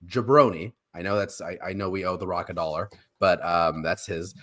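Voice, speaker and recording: Lively, chatty male podcast host. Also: mid-range voice. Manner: rambling, self-mocking, laughs often. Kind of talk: casual pop culture chat.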